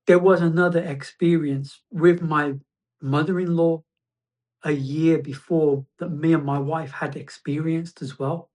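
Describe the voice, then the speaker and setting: A man sharing a personal testimony as a guest, reflective and halting, often restarting his phrases. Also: fairly high pitch, fairly even intonation, a little mellow.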